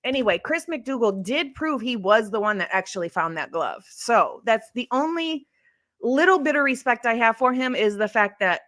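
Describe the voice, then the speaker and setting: A woman's voice: a little high, animated, moderate pace, a bit bright, dry recording, studio quality. A woman hosting a casual true crime livestream, chatting in a rambling way and answering comments from her live chat. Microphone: streaming setup.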